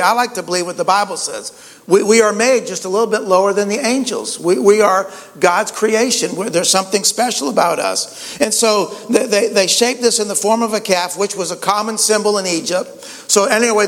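A man's voice: sits high, a little fast, a bit bright, long reverb tail. A pastor preaching a conversational sermon, often repeating words and saying "you know" as he goes.

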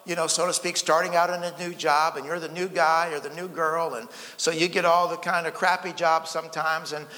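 A man's voice: high voice, sharp tone. A man preaching a sermon as pastor, in a folksy way, often repeating words and slipping in light jokes. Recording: long reverb of a church hall.

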